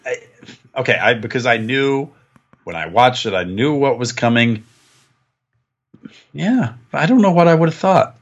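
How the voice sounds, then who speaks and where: Husky man grumbling on a podcast. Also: medium pitch, animated, a little slow, long pauses, dull audio. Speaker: podcast co-host. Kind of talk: casual podcast chat.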